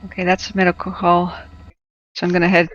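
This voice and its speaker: A woman hosting a casual wildfire-tracking livestream, chatty and halting, out of breath and feverish. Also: lowish voice, completely flat delivery, dull audio, a little hiss or hum. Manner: chatty, halting, addresses viewers as friends.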